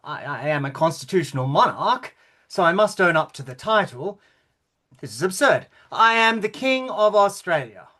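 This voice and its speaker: A man's voice: high voice, very animated, moderate pace, pushed and bright, full character voice. A man playing a fussy, fragile king. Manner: hesitant, apologetic, stammering. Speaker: actor in rehearsal. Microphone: video call.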